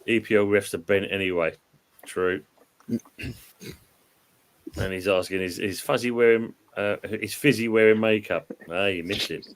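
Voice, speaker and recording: A man's voice: on the low side, steady tone, moderate pace, long pauses. A man in casual football chat on a live stream, reading out viewer comments in a rambling, hesitant way and laughing often.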